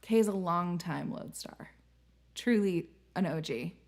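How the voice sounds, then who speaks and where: A woman's voice: lowish voice, measured pace, a little mellow. A young adult woman hosting a live stream, chatting candidly and swearing casually as she reads messages. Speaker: streamer and host.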